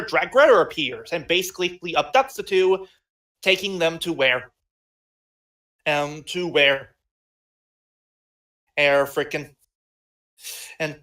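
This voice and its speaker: Excitable podcast co-host on a call. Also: male voice, a little high. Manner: excitable, restarts sentences, exasperated outbursts. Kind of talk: casual chat recapping episodes. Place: online voice call.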